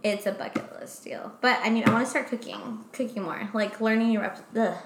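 A woman's voice: fairly high pitch, brisk, echoey room, a little hiss or hum. A woman co-hosting a podcast, chatting casually, swearing a lot and trailing off into fillers. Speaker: podcast co-host. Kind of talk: casual chat.

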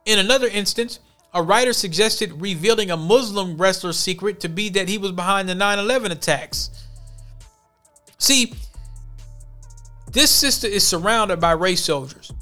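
High-voiced man doing heated commentary. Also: normal speed, long pauses, pushed and bright, soft background music. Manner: blunt, heated commentary with slang. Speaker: podcast host. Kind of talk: reading news and commenting.

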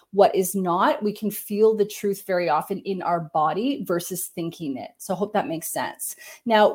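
Woman, medium, live-stream psychic reading, gentle and meandering, lots of fillers, mid pitch, computer mic.

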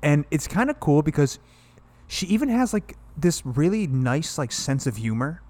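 A man's voice: on the high side, expressive, normal speed, a little mellow. Chatty man retelling a film scene. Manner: rambling, heavy use of "like", retells scenes with quoted dialogue. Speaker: film review podcast co-host. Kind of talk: casual chat.

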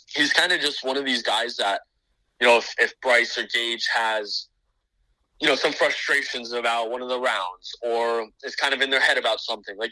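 A man's voice: medium pitch, bright, forceful tone, dry recording, poor audio. A man, a business owner, talking in a casual podcast chat, rambling with many restarts and fillers.

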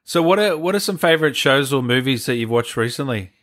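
A man hosting an interview, talking in a friendly, conversational way with quick encouraging interjections. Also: medium pitch, lively intonation, fairly bright tone. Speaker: interviewer host. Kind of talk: casual interview chat.

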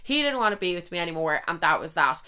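A young woman talks straight to her listeners in a loose, candid podcast style, swearing freely and acting out little quoted asides. Her voice sits a bit low but comes across bright and forceful, with a smooth, crisp clarity. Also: fast. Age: young adult. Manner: chatty, frank and swearing, with lively quoted asides. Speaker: podcast host. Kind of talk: casual solo podcast chat.

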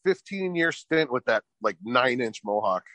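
Speaking at a moderate pace in a mid-range voice, a middle-aged podcast guest who owns a business tells a casual story, cursing heavily and animatedly acting out each person's lines. There's no room sound.

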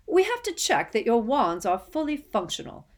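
A woman voicing a bouncy, jovial middle-aged male official who talks in a hearty, brisk way in an audiobook. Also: a little high, very animated, pitched above the performer's own voice. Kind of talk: audiobook character voice.

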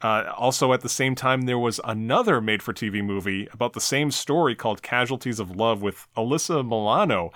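A man hosting a podcast, casually talking through an old talk show episode with relaxed, filler-heavy chat. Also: fairly low pitch, no room sound, studio quality. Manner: relaxed, chatty, frequent fillers. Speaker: podcast host.

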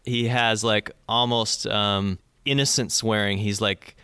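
A man's voice: lowish voice, steady tone, measured pace, bright, forceful tone, clean tone, no room sound. A man co-hosting a casual album review chat, talking thoughtfully with many fillers and restarts. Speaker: album review podcast co-host.

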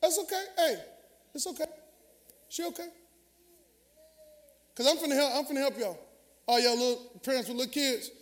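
High-voiced preacher in a reverberant hall. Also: male voice, normal speed, pauses often. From Southern US. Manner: call-and-response preaching, animated and conversational. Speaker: pastor. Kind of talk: sermon. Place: large church sanctuary.

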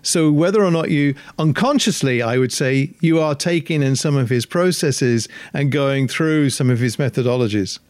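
A man's voice: mid-range voice, normal speed, hardly any pauses, a little mellow, no room sound. A man in casual podcast chat, talking in a thoughtful, reflective way as he explains ideas.

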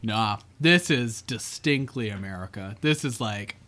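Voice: mid-range voice, expressive, a little slow, fairly bright tone. A podcast co-host in casual chat about a movie, rambling with many fillers and swearing freely.

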